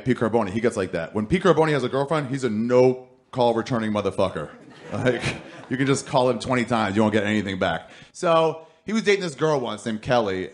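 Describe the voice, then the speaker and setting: Gravelly-voiced man telling a stand-up story. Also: medium pitch. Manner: animated, acts out both sides of phone calls in raised voices. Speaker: stand-up comedian. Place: comedy club stage. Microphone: handheld stage mic.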